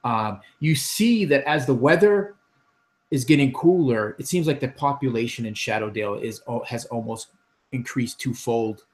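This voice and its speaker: A man's voice: mid-range voice, moderate pace. A man narrating as dungeon master in a tabletop game, rambling with many restarts and filler words.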